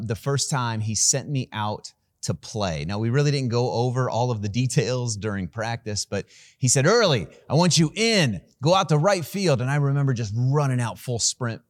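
A man preaching a sermon who tells a personal story in an animated, self-deprecating way and laughs at himself. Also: fairly low pitch, brisk, no echo, clean studio sound. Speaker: pastor.

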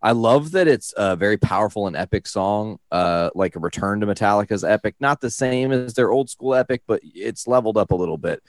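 Male co-host, low voice, eager opinions, dry close mic. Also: expressive, fairly quick, hardly any pauses, no echo. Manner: enthusiastic, opinionated. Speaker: podcast co-host. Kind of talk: casual chat.

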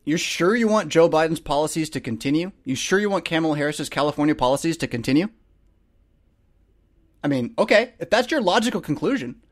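A middle-aged American man hosts a live show as a pastor, preaching in a casual, conversational way. His voice sits fairly high and swings widely as he stresses points and fires off rhetorical questions. The recording is dry and close. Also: a little fast, no echo. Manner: animated, emphatic, rhetorical questions, many restarts. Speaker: pastor hosting a livestream show.

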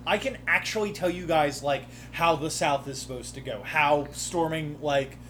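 A man's voice: on the high side, normal speed, fairly bright tone, a little hiss or hum. A man who ran the campaign as game master, chatting casually on a podcast, often breaking off mid-sentence and swearing offhandedly. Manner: rambling, self-interrupting, swears casually. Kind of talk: casual chat.

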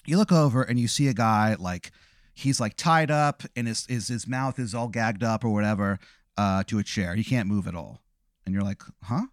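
A man's voice: on the low side, moderate pace, no echo, clean studio sound. A man hosting and telling a vivid, profane, rambling hypothetical story to his guest. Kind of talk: improvised second-person storytelling.

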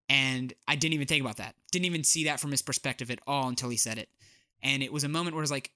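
A man's voice: medium pitch, fast talker, pushed and bright, dry recording, clean studio sound. A man co-hosting a casual chat, talkative with frequent fillers. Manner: chatty, lots of "like" and "uh".

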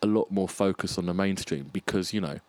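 A low-pitched man talks as a guest in a casual conversation. He is reflective and thinks out loud, restarting phrases and warming to his subject. The sound is dry and close, with little room around it. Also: fairly quick, dry recording. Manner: reflective, restarts and lists ideas, animated about music. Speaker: podcast guest, freelance arts producer.

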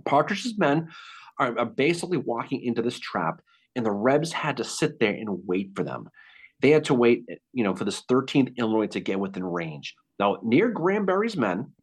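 A man hosting a podcast, telling a Civil War battle story in a casual, animated way. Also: medium pitch, normal speed, husky. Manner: animated, acts out quotes. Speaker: podcast host.

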